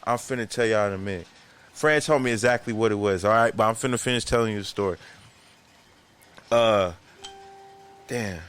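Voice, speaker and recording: A man co-hosting a podcast, telling a long story in an animated, profane, slangy way. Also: lowish voice, moderate pace, pauses often, clear, resonant tone. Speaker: podcast co-host. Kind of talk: casual storytelling chat.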